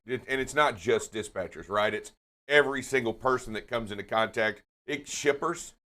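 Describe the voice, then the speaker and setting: A man's voice: medium pitch, normal speed, bright, forceful tone. A man co-hosting a live trucking show, talking in an emphatic, jokey, big-hearted way. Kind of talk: casual live-stream chat.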